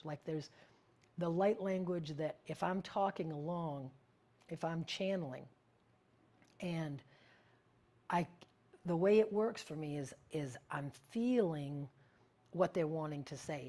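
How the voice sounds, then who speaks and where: Her voice low-pitched, a woman wanders through a relaxed lesson on spiritual practice, frequently groping for the right words. At times she lowers her voice to a hush.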